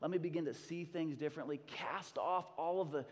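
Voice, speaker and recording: A fairly high-voiced man in his thirties delivers a sermon from a church stage, with long reverb hanging in the sanctuary. He preaches with fervor, swinging from quiet, intimate passages to loud, emphatic bursts. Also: brisk. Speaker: pastor.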